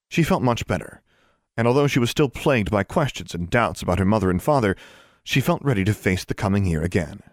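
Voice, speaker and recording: A male audiobook narrator reads with an even, measured delivery. His voice sits on the low side. The recording is dry and close. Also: no echo. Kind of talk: scripted narration.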